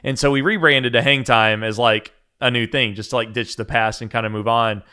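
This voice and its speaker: A man in his thirties hosting a podcast, talking loosely with lots of filler words and easy laughter. His voice is bright and smooth, with a clean, resonant tone. He sounds relaxed, like he's chatting with a friend. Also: medium pitch, brisk. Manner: rambling, laughs often, many fillers. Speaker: podcast host. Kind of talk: casual podcast chat.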